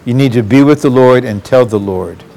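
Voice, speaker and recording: A man's voice: medium pitch, normal speed, vocal fry, mellow. A man preaching a sermon, earnest and addressing the congregation directly.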